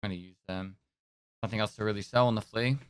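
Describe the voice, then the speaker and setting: A man's voice: on the low side, fairly even intonation, fast talker, clear, resonant tone, no echo. Man rambling on a live stream. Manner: rambling, answers chat. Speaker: game streamer. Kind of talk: casual live-stream chat.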